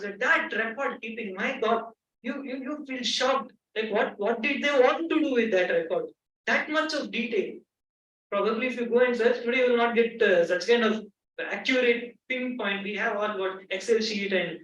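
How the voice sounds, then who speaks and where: A man's voice: high-pitched, fairly bright tone, dull audio, a little hiss or hum. A young man in his twenties with an Indian English accent, giving an earnest public talk with emphatic repeats and restarts. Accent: Indian English, Kannada-speaking. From Dakshina Kannada, India. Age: 20s. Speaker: guest speaker. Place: lecture hall. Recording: roomy hall, mic at a distance, faint ambience.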